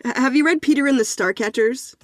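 A woman's voice: sits high, brisk, no echo, studio quality. A woman in her thirties, a podcast guest, talking in a chatty, self-deprecating way with many restarts. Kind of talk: casual chat.

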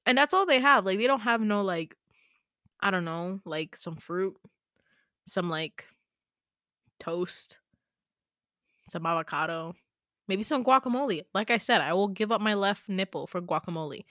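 A woman podcaster recounts her dream in a loose, chatty way, peppering every sentence with "like" and the odd swear word. Her pitch sits in an ordinary middle range but jumps high when she gets worked up. The sound is dry and close, with no room around it. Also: a little slow, long pauses, dry recording. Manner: chatty, frequent "like" fillers, swears freely; animated, swings into sudden high exclamations. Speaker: podcast host. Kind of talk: casual storytelling of a dream.

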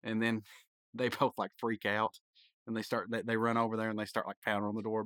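A man hosting a podcast, casually recapping a cartoon episode, rambling with frequent laughs and quick acted-out lines. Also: lowish voice, level tone, fairly bright tone, dry recording.

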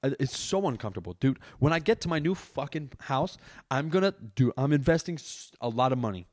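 A young man hosting a relaxed solo podcast curses constantly while spinning an animated, over-the-top story from a couch indoors. His voice is mid-range and his pace brisk.

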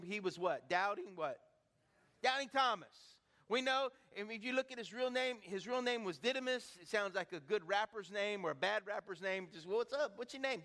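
A man preaching a sermon as pastor, asking the congregation rhetorical questions in an animated way. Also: high-pitched. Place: church hall. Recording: long hall reverb.

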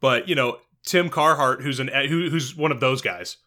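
A man co-hosting a casual podcast about a movie, animated and profane, laughing often. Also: mid-range voice, moderate pace. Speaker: podcast co-host. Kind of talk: casual film discussion.

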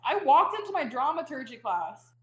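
A young woman in her twenties talks casually as a guest, spilling a story with plenty of fillers. Her voice sits a touch high, and the room around her rings with echo. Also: big pitch swings, moderate pace. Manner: chatty storytelling with frequent fillers. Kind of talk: casual chat.

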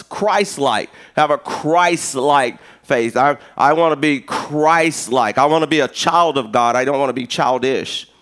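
A middle-aged man preaching a sermon as pastor, an animated, joking storyteller who acts out conversations. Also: on the high side.

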